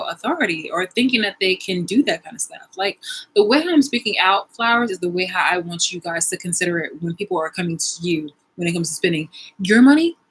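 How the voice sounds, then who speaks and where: Animated, swearing young woman vlogger. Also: medium pitch, husky, poor audio. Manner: animated, swearing, laughing, slang-heavy storytelling. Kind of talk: casual vlog monologue.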